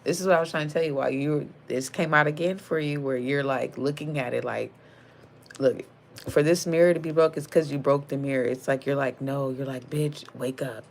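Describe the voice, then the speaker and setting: A woman's voice: extremely low pitch, steady tone, a little fast, creaky. A young woman giving a casual tarot reading, blunt and slangy with lots of profanity, calling the viewer sis. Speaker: tarot card reader.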